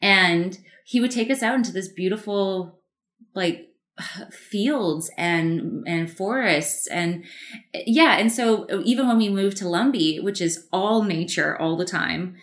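A woman's voice: mid-range voice, slow. A woman from Canada, a guest artist telling stories in an interview. She is chatty, laughs often and uses many fillers. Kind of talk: casual interview storytelling.

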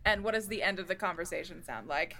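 A woman running a tabletop game as game master, narrating scenes in a relaxed way with small restarts. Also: fairly low pitch, quick pace, faint music behind.

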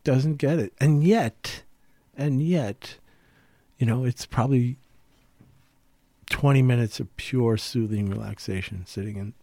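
A man's voice: medium pitch, unhurried, long pauses, dark tone, dry recording. A man co-hosting a casual podcast, musing aloud with many fillers and rhetorical questions. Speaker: podcast co-host.

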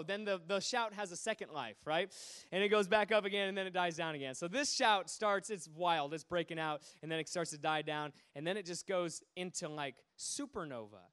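A man preaching, telling stories with animated swings between hushed asides and loud bursts. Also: high-pitched, clear, resonant tone. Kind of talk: sermon storytelling.

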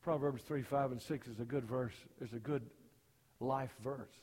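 An older man preaching a sermon, telling folksy personal stories and rising high and loud for punchlines. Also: fairly even intonation, normal speed, slightly rough, long reverb tail.

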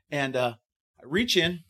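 A man's voice: medium pitch, steady tone, a little slow, fairly bright tone. A middle-aged man, a fire captain, recounting an evacuation with many fillers and restarts, sometimes acting out the voices of others. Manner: acts out quoted voices of others.

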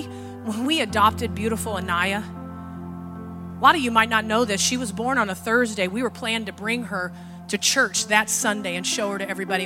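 A woman pastor preaching a sermon with strong rising emphasis, growing soft and tender when she tells a personal story. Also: mid-range voice.

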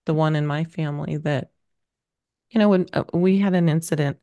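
A woman's voice: low-pitched, moderate pace, dark tone, dull audio. A middle-aged woman talking as a podcast guest, telling a personal story candidly, rambling a little with many fillers. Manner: emotional, rambling, lots of fillers.

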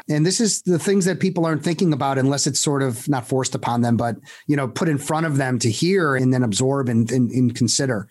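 A man hosting a podcast interview, talking in an energetic, storytelling way with many fillers and restarts. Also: medium pitch, a little fast, few pauses. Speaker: podcast host. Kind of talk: casual interview.

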